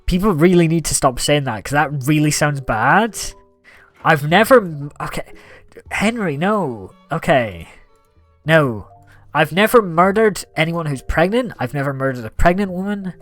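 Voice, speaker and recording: Young male streamer, lively casual chat, soft music under. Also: a little high, measured pace. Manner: chatty, reads out gift thanks, animated. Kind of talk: casual gaming livestream chat.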